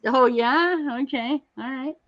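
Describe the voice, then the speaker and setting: Woman host, unhurried rambling chat with viewers, dull lo-fi sound. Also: high-pitched, fairly bright tone. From Canada. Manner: chatty, rambling, reads out and greets viewers by name. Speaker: livestream host.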